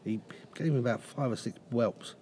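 A man's voice: medium pitch, moderate pace, dark tone, a little hiss or hum. A middle-aged man, a racehorse trainer, telling rambling anecdotes in a casual interview. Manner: rambling anecdotes with restarts and acted quotes.

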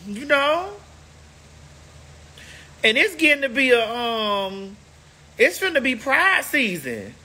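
A woman's voice: fairly high pitch, very animated, a little slow, pushed and bright. A woman hosting a casual livestream, chatting to viewers in a sassy, emphatic way, stretching words out for effect. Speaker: livestream host.

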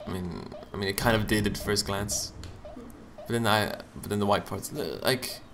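A young man giving casual gaming commentary, joking, swearing and punning, with sudden loud outbursts. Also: on the low side, moderate pace, gravelly, background noise. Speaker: let's play gamer. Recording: game music behind the voice. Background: game music.

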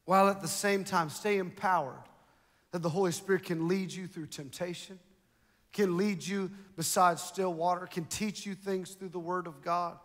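High-voiced preaching pastor in a big hall. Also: male voice, normal speed. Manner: preaching with rising emphasis, repeats phrases. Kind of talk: sermon. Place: large church hall.

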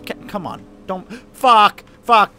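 A man's voice: sits high, slow pace, sharp tone. A young man doing let's play commentary on a horror game, jumpy and swearing, screaming when scared. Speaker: gaming YouTuber.

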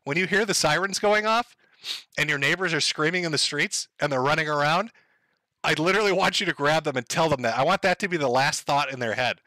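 Bright, profane, rambling man ranting. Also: on the high side, brisk, dry recording. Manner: profane, rambling, laughs often. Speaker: livestream host. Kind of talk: rambling comedic rant to chat.

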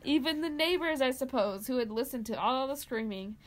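A woman's voice: high voice, animated, fairly quick. A woman co-hosting a podcast, reading a horror story aloud in a dramatic way and laughing between lines. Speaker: podcast co-host.

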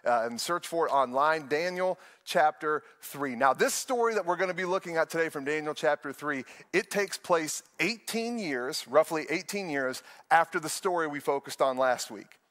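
Animated young male pastor preaching. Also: on the high side, normal speed, hardly any pauses. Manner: animated storytelling, acts out voices in anecdotes. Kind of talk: sermon streamed online.

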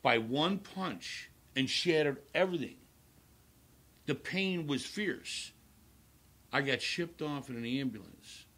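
A man's voice: on the high side, lively intonation, slow, a bit bright. A man in his sixties, a talk show guest, telling a personal story emphatically and repeating his phrases.

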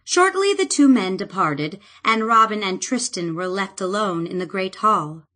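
A woman narrating a fantasy audiobook in a calm, measured way. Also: mid-range voice.

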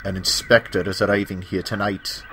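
A man's voice: low-pitched, flat delivery, normal speed, pushed and bright, a little hiss or hum. A man voicing a nervous, hesitant old male steam engine in a storybook tale. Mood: worried. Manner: timid, hesitant.

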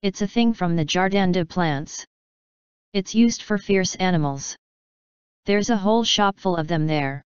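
Woman voicing a brash young street urchin in an audiobook; bossy, slangy, crisp and dry. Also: lowish voice, a little slow, dry recording, muffled recording, lightly acted. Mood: cocky. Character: cocky streetwise young Paris boy.

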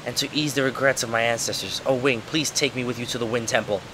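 A man's voice: medium pitch, steady tone, fast, noisy background, natural voice. A man voicing a polite little male plant-creature musician with a put-on British accent, over game music. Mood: solemn. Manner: gentle, polite and earnest.

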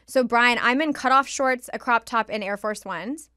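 A woman guest on a casual podcast, telling a story in an animated way and swearing freely, close to the mic. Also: on the high side, normal speed, hardly any pauses, clear, resonant tone, no room sound.

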